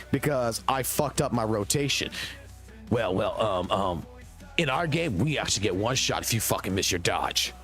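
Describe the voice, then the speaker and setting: A man's voice: mid-range voice, a bit bright. A man streaming games and ranting heatedly, with heavy swearing, in casual talk. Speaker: game streamer. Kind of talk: casual gaming stream rant. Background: faint music.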